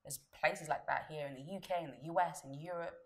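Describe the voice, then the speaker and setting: A woman's voice: sits low, brisk, a bit bright. A woman from Nigeria giving forthright views in an interview, often saying "you know". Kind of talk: interview opinion.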